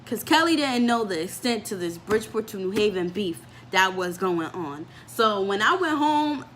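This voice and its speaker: A young woman vlogger telling a story from her life in a casual, animated way, with lots of "like" and acted-out voices. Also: medium pitch, moderate pace, slight background noise. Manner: animated storytelling, fillers with "like", acts out quoted voices.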